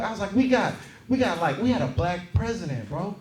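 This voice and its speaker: A man's voice: high voice, animated, fast talker. A man doing a stand-up set, brash and profane, teasing the crowd from a comedy club stage. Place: comedy club stage before a laughing audience. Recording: roomy club sound with crowd laughter.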